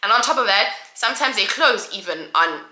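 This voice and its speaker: Bright-voiced woman venting in a vlog. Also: mid-range voice, fairly quick. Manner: exasperated, animated, many restarts and repeated words. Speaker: vlogger. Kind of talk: casual ranting vlog. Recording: roomy echo.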